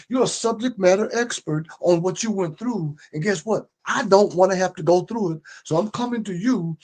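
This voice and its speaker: Emphatic male motivational speaker, raised pitch. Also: a little mellow. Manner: emphatic, preachy, repeats key phrases; frequent restarts and stumbles. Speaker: book publisher and strategist. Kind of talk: motivational livestream talk.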